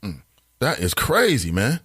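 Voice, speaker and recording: A man's voice: mid-range voice, wildly swooping pitch, unhurried, bright, forceful tone, breathy edge. A man hosting a talk show who breaks in with short questions. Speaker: host.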